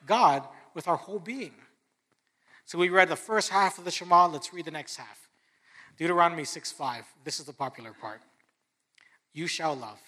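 A man preaching a sermon as pastor, earnest, dropping softer and quieter when he reads scripture. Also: fairly high pitch.

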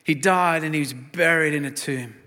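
A man preaching a sermon and telling a story, swinging from hushed to loud. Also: fairly high pitch, normal speed, long reverb tail.

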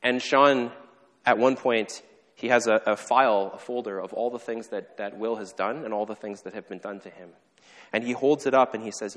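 A man preaching a sermon, telling a story earnestly and falling to a soft hush when he quotes the characters. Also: lowish voice, steady tone, normal speed. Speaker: pastor. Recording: long hall reverb.

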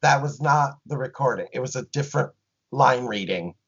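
A woman's voice: a bass voice, lively intonation, normal speed, husky. A woman co-hosting a podcast, chatting casually and emphatically as she recaps a TV episode. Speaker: podcast co-host. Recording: dull lo-fi sound.

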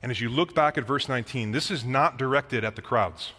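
A man's voice: mid-range voice, brisk, pushed and bright. Man preaching in a reverberant hall. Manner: conversational preaching, reading scripture aloud. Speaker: pastor. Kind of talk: sermon.

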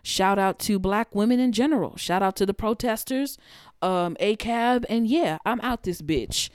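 A woman's voice: mid-range voice, unhurried, a little mellow, no room sound, clean studio sound. Blunt, profane woman ranting on a podcast. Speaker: podcast host. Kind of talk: freestyle monologue.

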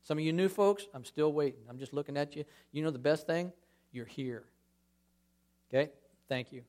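A man giving a conversational sermon in a church as a guest speaker, acting out scripture scenes with lively emphasis. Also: on the high side, normal speed.

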